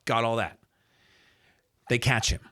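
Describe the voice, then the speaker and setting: A man in his fifties, a radio host and announcer, telling a lively story and acting out the other people's lines as he goes. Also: mid-range voice, a little slow. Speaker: radio host and sports announcer, podcast guest. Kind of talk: animated storytelling anecdote.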